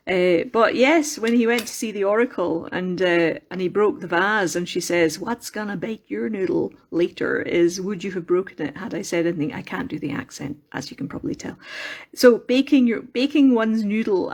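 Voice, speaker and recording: A woman with a Scottish accent talks through her sculpting on a live chat, recorded on a phone in her workshop room in a mill. She rambles cheerfully, drifts onto tangents and then picks the thread back up. Her voice sits at an everyday middle pitch. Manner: rambling, chatty, wanders off on tangents. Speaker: craft livestreamer.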